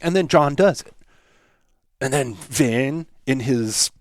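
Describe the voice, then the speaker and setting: A man's voice: mid-range voice, expressive, slow pace, dry recording, clean studio sound. Reflective man hosting a solo podcast. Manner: reflective, conversational, acts out quoted examples. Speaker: podcast host.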